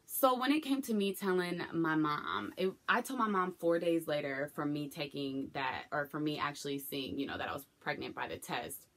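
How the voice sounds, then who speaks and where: Brief: young woman, low and bright voice, candid emotional vlog storytelling. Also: big pitch swings, moderate pace, hardly any pauses. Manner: candid, emotional retelling with acted quotes. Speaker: vlogger. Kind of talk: personal storytelling to camera.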